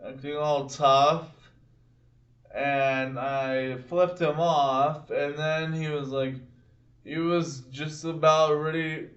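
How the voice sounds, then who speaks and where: A young man telling rambling personal stories in a halting way, with many restarts. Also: a little high, flat delivery. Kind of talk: casual storytelling to camera. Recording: distant mic in an echoey room, dull sound.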